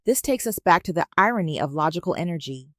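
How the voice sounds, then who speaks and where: A woman teaching in a measured, instructive spoken lecture. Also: lowish voice, lively intonation, no echo, studio quality.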